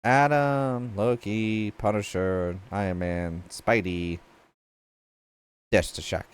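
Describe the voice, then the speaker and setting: A man hosting a casual reaction to game trailers, excitable, laughing often and swearing freely. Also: on the low side, slow pace, smooth. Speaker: gaming reaction host.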